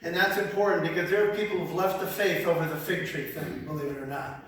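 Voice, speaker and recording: A man with a high voice gives an animated, conversational Bible lesson, often repeating words as he talks. He sounds far from the microphone, and his voice booms around a large, very echoey hall. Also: quick pace. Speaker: Bible teacher. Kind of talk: sermon-style Bible teaching.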